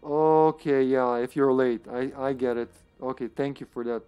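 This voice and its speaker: A man giving casual live commentary while playing an online co-op game, thinking aloud and laughing, with sudden excited outbursts. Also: mid-range voice, normal speed, dull audio, soft background music.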